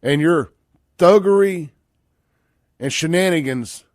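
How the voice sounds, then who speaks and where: A man hosting a talk radio show, delivering a brash, sarcastic, animated monologue into a studio microphone. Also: mid-range voice, normal speed, dry recording.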